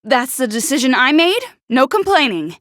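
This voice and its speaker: Prickly teen girl, game character, high voice, stammers, snappish, dry close sound. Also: sing-song, moderate pace, a bit bright, no echo. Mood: exasperated. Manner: stutters on first sounds when flustered. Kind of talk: video game voice acting.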